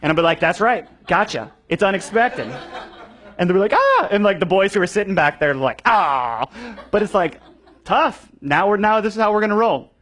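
Animated young man teaching a class. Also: high-pitched, fast. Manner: animated, conversational, many fillers and restarts; acts out voices of students for effect. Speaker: children's ministry trainer. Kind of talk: teaching a training session.

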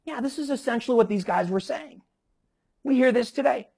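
Gravelly, husky-voiced preacher man. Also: extremely high pitch, a little fast, a little mellow. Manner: emphatic preaching with frequent restarts. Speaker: pastor. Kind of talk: sermon.

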